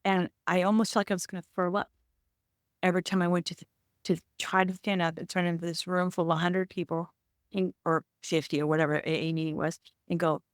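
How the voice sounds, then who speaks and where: A woman's voice: lowish voice, little pitch movement, brisk, no room sound, clean studio sound. A woman, an actor and producer, speaking as a podcast guest in an emphatic, candid storytelling style, with many restarts and reenacted quotes.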